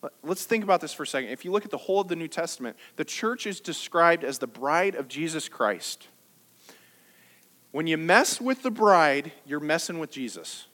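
A man preaching a sermon to his church, conversational and lively, with jokes and rhetorical questions. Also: on the high side, normal speed. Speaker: pastor. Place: church service.

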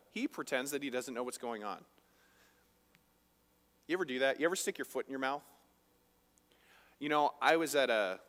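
A man's voice: mid-range voice, a bit bright, big-room sound. A man preaching a conversational sermon as a pastor, often asking his listeners rhetorical questions.

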